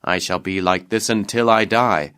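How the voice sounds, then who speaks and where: A man voicing a sorrowful young king, half turned to stone, in a storybook reading, in a low and subdued manner. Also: steady tone, moderate pace, pushed and bright, smooth.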